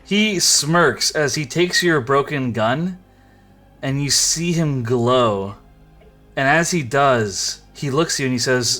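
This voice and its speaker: Lively male game master. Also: medium pitch, takes it slowly, faint music behind. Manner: loose, filler-heavy narration. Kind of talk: narrating a tabletop game.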